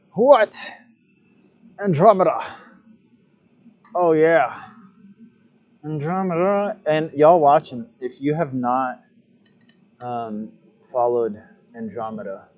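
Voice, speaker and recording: A man's voice: mid-range voice, a little mellow, dull audio. A man chatting casually during his own live stream as a glassblower, thinking aloud while he adjusts his stream settings. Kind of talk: casual livestream chat.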